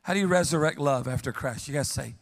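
Gravelly, humorous preacher in a reverberant hall. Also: male voice, on the high side, quick pace. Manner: humorous, animated storytelling with call-and-response. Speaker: pastor. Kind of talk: sermon. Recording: long reverb of a large hall.

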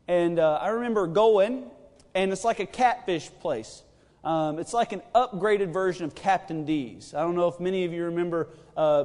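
High-voiced preacher in a reverberant hall. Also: male voice, darkish tone. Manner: chatty and joking, many fillers. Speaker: pastor. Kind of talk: sermon with personal storytelling. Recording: long reverb of a church hall.

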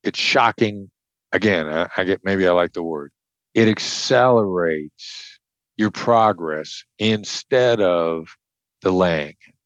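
Speaking slowly in a low voice, this former hostage negotiator, an older man from the Midwest, lays out his methods in an interview. The recording is lo-fi with no echo, and his conversational explanation is blunt, emphatic, and full of repeated key points.

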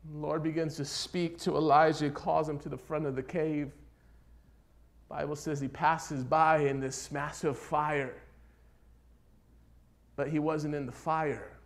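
A man preaching a sermon as pastor, moving between hushed, near-whispered passages and loud, rising exhortation, with repeated rhetorical questions. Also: a little high.

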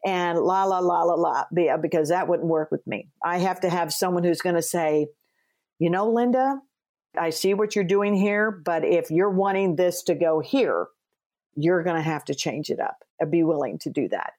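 A woman hosting an interview, an author who tells lively stories, acts out quoted dialogue and speaks earnestly from her faith. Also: fairly low pitch, normal speed. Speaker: podcast host and author. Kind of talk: conversational interview.

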